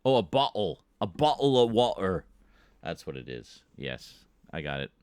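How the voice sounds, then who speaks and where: Man, British accent, very low voice, lively swooping pitch, casual joking stream chat. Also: normal speed, smooth. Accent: British English. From Britain. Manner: playful, joking, chuckles at his own jokes.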